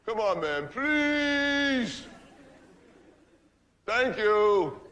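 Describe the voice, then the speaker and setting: An actor playing a rowdy street guy who shouts and hectors his friends. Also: very high voice, sing-song, very slow, heavily acted. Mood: yelling. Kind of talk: stage monologue.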